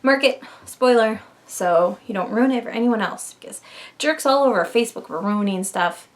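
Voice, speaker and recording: Animated woman ranting on her vlog. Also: fairly high pitch. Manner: animated, exasperated, fast tangents with laughs. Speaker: vlogger.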